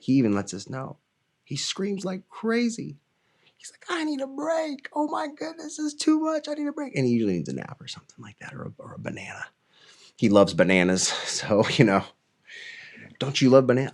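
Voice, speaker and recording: A man leading a kids' music lesson, singing, clapping and talking to the children in a playful way. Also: lowish voice. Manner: animated, playful, sings and claps along. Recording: loud music behind.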